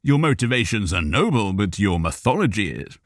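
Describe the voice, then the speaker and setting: A man's voice: on the low side, sing-song, a little fast, dry recording, studio quality. A man voicing a verbose male scholar barbarian hero who speaks grandly and patiently with long words.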